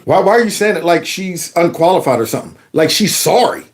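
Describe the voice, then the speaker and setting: A man with a fairly high voice hosts a commentary show and talks back to news clips. He is sarcastic and mocking, firing off rhetorical questions in loose, colloquial speech. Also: big pitch swings, a little fast. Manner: casual colloquial speech with y'all. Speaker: political commentary host.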